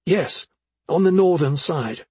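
A woman's voice: deep voice, animated, slow pace, mellow, husky, no echo, voice pushed up, full character voice. A man reading an audiobook, voicing a worried middle-aged mother who questions her son sharply and skeptically. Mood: grave. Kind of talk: audiobook character voice.

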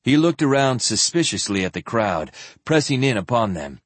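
A man reading a fantasy novel with a lively, expressive delivery, his pitch rising and falling freely. His voice is slightly husky. The close, dry studio sound adds no room. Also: moderate pace, no room sound. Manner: expressive, acts out the dialogue. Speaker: audiobook narrator. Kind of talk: scripted narration.

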